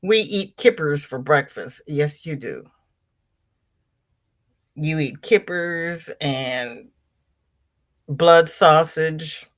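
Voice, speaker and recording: Unhurried, chatty livestream host woman. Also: low-pitched, expressive. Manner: chatty, reads viewer comments aloud and answers them. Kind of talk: casual livestream chat reading comments.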